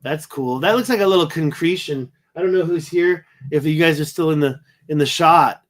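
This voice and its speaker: A man's voice: fairly high pitch, normal speed. A tired man hosting a casual livestream, rambling and thinking aloud as he looks through photos. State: tired, yawning. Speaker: livestream host.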